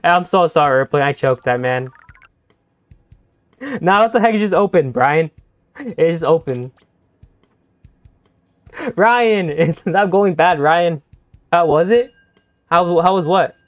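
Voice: medium pitch, animated, slow, pauses often, dry recording, soft background music. A young-adult game streamer chatting playfully with viewers during a live session, laughing often and teasing the chat.

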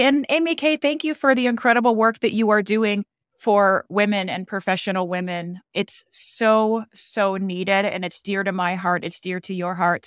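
A woman's voice: medium pitch, a bit bright, no echo. Upbeat woman podcast host, dry sound. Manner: upbeat, encouraging. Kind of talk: casual podcast interview.

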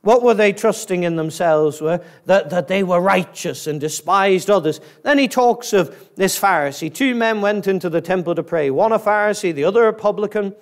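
A man's voice: high-pitched, normal speed, few pauses. A man preaching an earnest, emphatic sermon, putting questions to his listeners and acting out their objections before answering them. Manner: mimics a self-righteous listener's objections. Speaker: pastor.

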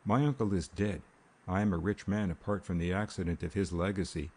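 A man voices an earnest young man speaking gently to the woman he loves. The voice is very low, dark, and husky, like an audiobook read aloud. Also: steady tone, brisk. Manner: earnest, quiet.

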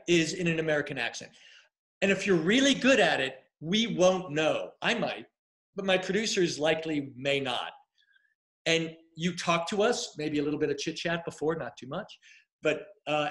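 Emphatic man coaching actors, slightly high. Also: fairly bright tone. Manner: emphatic, conversational, with filler and restarts. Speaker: casting director and acting coach. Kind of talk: candid livestream Q&A.

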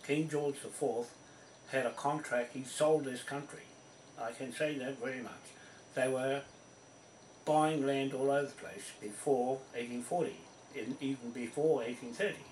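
A man's voice: mid-range voice, fairly even intonation, moderate pace, darkish tone, slight background noise. A man speaking to camera in a rambling, accusing monologue, stressing his points and repeating himself. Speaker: land claimant addressing viewers. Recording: roomy echo from a distant mic.

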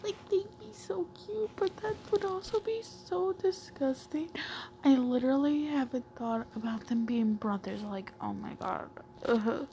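Brief: a slow-talking, rambling woman vlogger who slips into half-whispers, on noisy home audio. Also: sits high, gravelly, dark tone. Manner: rambling, filler-heavy, often half-whispered. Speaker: YouTuber. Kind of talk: casual comic-reading vlog.

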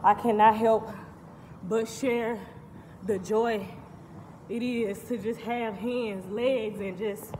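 A woman's voice: fairly high pitch, fairly even intonation, slow, darkish tone, in a large hall, slight background noise. A woman vlogging while she walks on a treadmill at the gym, talking upbeat and thankful about moving her body and self-care. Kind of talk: casual vlog while working out.

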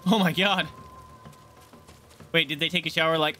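A man streaming a game, chatting casually and shouting and swearing at enemies, with game music behind. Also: fairly high pitch, normal speed. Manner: excitable, yelling and swearing at enemies. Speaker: gaming streamer. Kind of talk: casual let's-play commentary.

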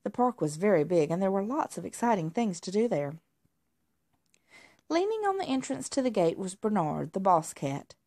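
A woman reading a children's storybook aloud. Her narration is expressive and paced for young listeners. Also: medium pitch, normal speed.

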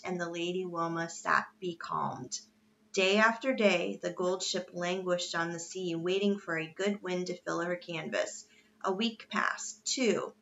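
A woman reading a children's novel aloud in steady narration. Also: fairly low pitch, dull audio. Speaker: reader. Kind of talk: storybook read-aloud.

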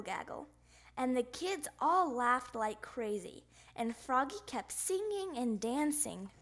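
A woman reads a children's storybook aloud at an unhurried pace. Her high voice rises and falls a great deal, and she plays up the sound effects in a playful way. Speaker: storybook reader.

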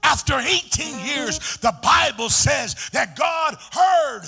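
A man preaching a sermon in call-and-response style, chanting and building to shouts. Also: extremely high pitch, animated, slow pace, vocal fry, over music.

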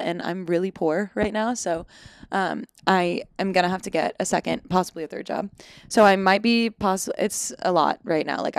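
A woman's voice: fairly low pitch, clean tone, no room sound. A young adult woman, a podcast guest, chatting casually and playfully, laughing often. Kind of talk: casual chat.

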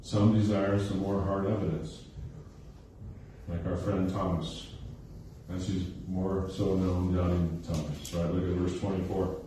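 A male pastor preaches at a recreation center being used for a church service, his low, dark voice flat and unhurried. He keeps checking in with "okay?" and "right?" and repeats phrases for emphasis. The recording, made from a distance in a very echoey hall, carries a little hiss or hum.

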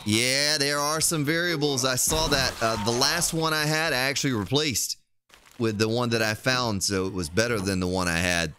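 A man's voice: medium pitch, moderate pace, background noise. A man streaming a game, chatting casually and thinking aloud as he plays. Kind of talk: casual gameplay commentary.

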